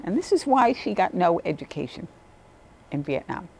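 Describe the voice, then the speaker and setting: Woman, literacy tutor, lively storyteller, slightly low voice, mimics students in a high voice. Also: normal speed, vocal fry, breathy edge. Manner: animated, acts out quotes in a higher voice. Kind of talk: storytelling interview.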